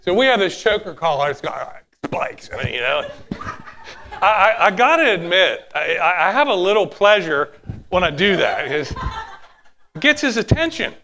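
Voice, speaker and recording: A man delivering a sermon in a high, bright voice. He is animated, sometimes drops to a hushed tone and acts out little quotes as he preaches. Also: moderate pace. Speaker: pastor.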